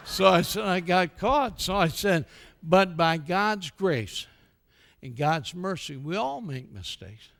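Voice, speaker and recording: Older american guy, kinda high voice, telling stories at church, acts out all the quotes. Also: slow pace, gravelly. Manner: animated storyteller who acts out quoted dialogue. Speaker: guest speaker at a church. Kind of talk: storytelling speech with a sermon tone.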